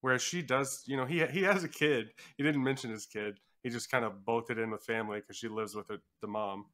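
A man with an average-pitched voice co-hosts a podcast in a loose, joking way. He rambles and trails off, and now and then slips into mock voices. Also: fairly quick, a bit bright. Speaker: podcast co-host. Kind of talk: casual comedic chat.

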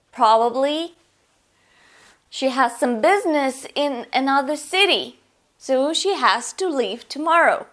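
A woman explains English grammar in a slow, deliberate, carefully paced delivery. Her voice sits a little high, and she lays out each example patiently for learners. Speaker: English teacher.

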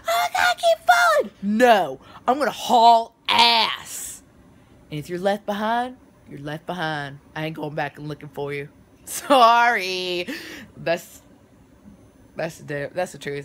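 A woman chatting casually to her phone camera from bed, with playful shouts and sudden loud bursts. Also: fairly low pitch, a little hiss or hum. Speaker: vlogger. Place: lying in bed at home.

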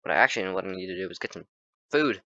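A young man giving casual gameplay commentary, excitable and talking straight to his viewers. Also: low-pitched, quick pace, no echo, dull audio. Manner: excitable, talks to viewers as "guys", frequent "oh my gosh" and "oh boy". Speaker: gaming YouTuber.

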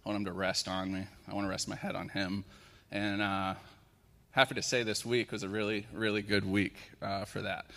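Emotional preacher with a gravelly voice. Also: male voice, lowish voice, level tone, normal speed. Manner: emotional, tender, soft-spoken. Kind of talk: sermon with worship prayer. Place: church sanctuary. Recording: long hall reverb in church.

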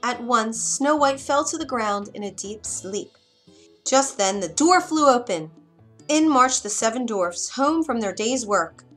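Expressive woman storybook narrator. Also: fairly high pitch, faint music behind. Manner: expressive, dramatic pauses.

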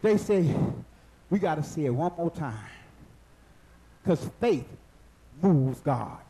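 A man preaching a sermon at a church service, lively and in call-and-response with the congregation, rising into shouts at the high points. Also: takes it slowly, vocal fry, rough recording.

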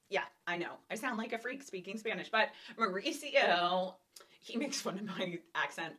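Woman vlogging, bright sharp voice, chatty and laughing, just telling you stuff. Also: medium pitch, expressive, moderate pace. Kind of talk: casual chat to camera.

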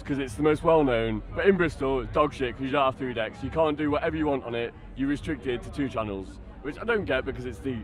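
A young man telling quick stories and blunt opinions in casual chat. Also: medium pitch. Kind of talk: casual storytelling.

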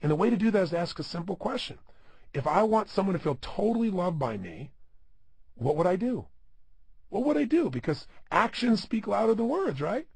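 Gravelly, animated motivational speaker man. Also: high voice, brisk, dry recording. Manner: emphatic, asks the listener rhetorical questions. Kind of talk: self-help audio program talk.

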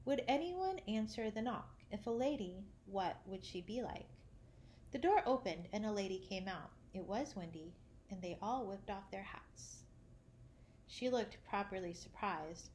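Lady reading a kids' storybook, mid pitch, a bit of hiss behind. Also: animated, moderate pace, darkish tone. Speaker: audiobook narrator.

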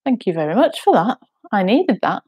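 A woman leading a gentle sensory music session at home, soothing and encouraging with frequent ums. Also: mid-range voice, very animated, moderate pace, slightly rough.

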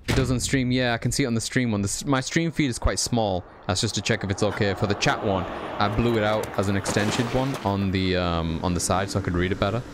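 Low-voiced joking male game streamer. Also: fast, background noise. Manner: joking, swearing, talks to chat. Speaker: streamer playing a stealth game. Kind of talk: casual live-stream commentary. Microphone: desk condenser microphone.

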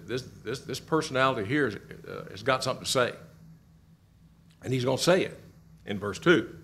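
A middle-aged Kentucky man with a mid-range voice leads a church Bible class. He asks the class questions and repeats their answers back with animated emphasis.

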